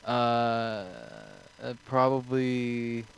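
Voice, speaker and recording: A man's voice: medium pitch, monotone, extremely slow, slight background noise, rough recording. A young man streaming, answering viewer questions in a rambling, offhand way full of swearing. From United States.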